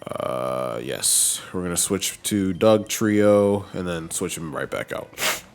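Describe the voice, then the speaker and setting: A man's voice: low-pitched, lively intonation, slow, faint music behind. A man streaming a game, chatting casually as he plays and talking to his team and viewers. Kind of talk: casual gameplay commentary.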